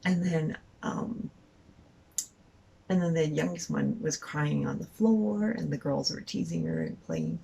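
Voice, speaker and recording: A woman's voice: deep voice, animated, unhurried, gravelly, dark tone, slight background noise, low-quality recording. A woman telling a story casually, rambling with lots of fillers. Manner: rambling, full of "like" and "um".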